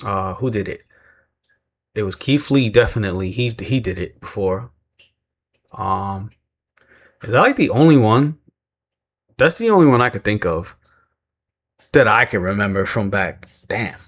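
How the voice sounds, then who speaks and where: Casting note: male wrestling-recap vlogger with a lowish voice, chatty and self-deprecating, loose and rambling. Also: sing-song, moderate pace, long pauses. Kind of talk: casual recap commentary.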